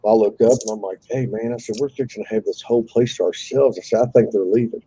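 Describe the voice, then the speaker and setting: Talking fast in a fairly low, mellow, slightly rough voice, a man recounts a fishing trip on a live call. He's casual and animated, cursing freely and imitating everyone he quotes. The audio quality is poor.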